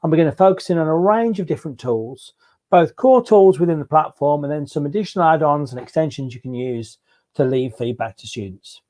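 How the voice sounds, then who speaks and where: A man hosts an online education webinar from his computer. His voice is a little high but mellow and soft-edged, and he talks in a loose, relaxed way with the odd filler. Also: a little fast. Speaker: webinar host.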